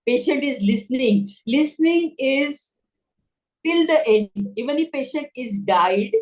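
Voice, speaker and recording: A woman's voice: high voice, lively intonation, measured pace, poor audio. A middle-aged woman giving an online lecture to nurses, speaking in an emphatic, earnest way and repeating points to drive them home. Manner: emphatic, repetitive, earnest teaching tone. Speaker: nursing webinar speaker.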